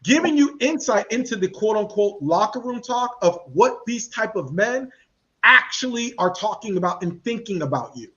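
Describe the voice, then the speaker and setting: A man hosting a podcast, talking in a casual, animated and slangy way and acting out the people he quotes. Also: high-pitched, moderate pace, dull audio. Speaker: podcast host. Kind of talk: casual commentary chat.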